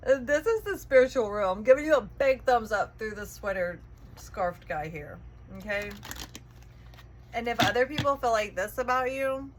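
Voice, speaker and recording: A woman's voice: mid-range voice, expressive, moderate pace, slight background noise, low-quality recording. A woman giving a chatty, encouraging spiritual tarot reading, often checking in with the listener. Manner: encouraging, chatty, keeps asking "okay?". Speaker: tarot reader.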